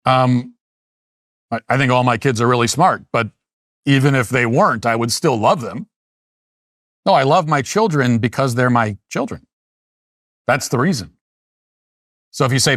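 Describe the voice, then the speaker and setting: A man's voice: medium pitch, normal speed, pauses often, a bit bright, no echo, clean studio sound. A middle-aged man delivering an emphatic monologue as a commentary host, repeating and restarting phrases as he argues. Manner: emphatic, repetitive, with frequent restarts.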